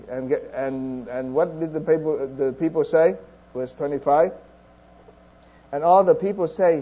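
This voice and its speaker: Man, sermon, halting restarts, earnest, mellow tone, muffled recording. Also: medium pitch, husky. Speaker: preacher.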